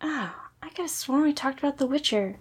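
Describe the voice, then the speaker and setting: A woman's voice: sits high, moderate pace. A woman co-hosting and editing a podcast, chatting in a playful, self-mocking way. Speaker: podcast co-host and editor. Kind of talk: casual chat.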